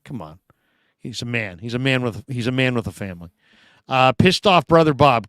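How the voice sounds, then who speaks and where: An expressive, medium-pitched host speaks at a normal speed, his tone a bit bright, as he chats about football and reads fan messages with playful asides. The clean studio recording has no echo.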